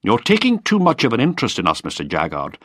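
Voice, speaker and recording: A man's voice: medium pitch, wildly swooping pitch, fast, a bit bright, dry recording, pitched above the performer's own voice. A man reading a story aloud, voicing an evasive older lab director who warns a visitor off. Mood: dismissive.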